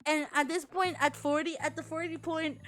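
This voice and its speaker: A woman's voice: high-pitched, steady tone, normal speed, a bit bright, soft background music. A young woman from the Philippines, chatting and swearing casually as a streamer. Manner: chatty, swears a lot, restarts and acts out quotes. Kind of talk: casual chat.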